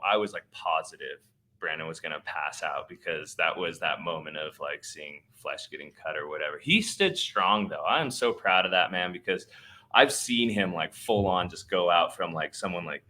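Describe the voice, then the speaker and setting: A man's voice: low-pitched, normal speed, sharp tone. A man hosting a podcast, telling a long story in a slangy, laid-back way with lots of fillers. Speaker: podcast host. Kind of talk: casual storytelling.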